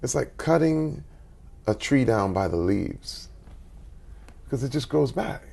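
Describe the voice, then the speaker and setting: Man guest in his 40s, raspy gravelly voice, lively storyteller who acts out the dialogue. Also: slow. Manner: animated storyteller, acts out quotes with big pitch jumps. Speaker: interview guest. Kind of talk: conversational storytelling.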